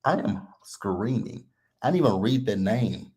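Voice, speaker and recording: A man's voice: mid-range voice, a little slow, long pauses. A man hosting a live reality TV recap, talking casually and bluntly and laughing a lot. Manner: blunt, animated and laughing often.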